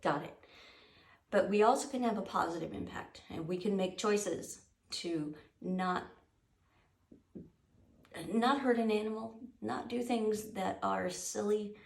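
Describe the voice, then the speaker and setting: A woman giving a lively, playful wildlife lesson to a classroom. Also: medium pitch, a little slow, vocal fry, pauses often. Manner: animated, playful, teasing. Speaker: wildlife educator. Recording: echoey room, mic at a distance.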